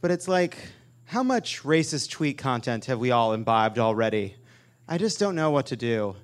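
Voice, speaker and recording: A man hosting a live comedic political talk show on stage, joking and animated, with loud emphatic bursts. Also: medium pitch, normal speed. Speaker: podcast host.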